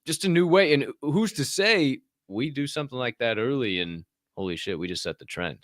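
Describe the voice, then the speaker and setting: A man co-hosting a casual podcast, telling stories in a loud, profane, animated way. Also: medium pitch, normal speed, no room sound, clean studio sound. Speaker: podcast co-host.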